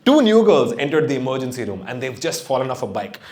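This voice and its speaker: A man's voice: mid-range voice, sing-song, fast, darkish tone. A male stand-up comedian from India doing a live set, swearing freely and laughing at his own jokes. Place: comedy stage before a live audience. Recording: noisy live venue with audience laughter.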